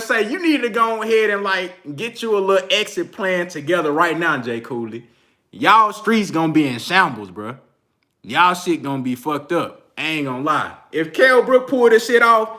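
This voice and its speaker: A man's voice: high voice, sharp tone. A man with a Texan accent hosting a casual livestream about boxing, slangy and loose, laughing often. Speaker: boxing channel host.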